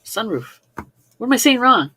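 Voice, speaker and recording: A woman with a Midwestern American accent, co-hosting a casual chat, playful and quick to laugh. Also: fairly high pitch, very animated, fairly bright tone, slightly rough. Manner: playful, laughs a lot, repeats words for fun. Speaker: co-host.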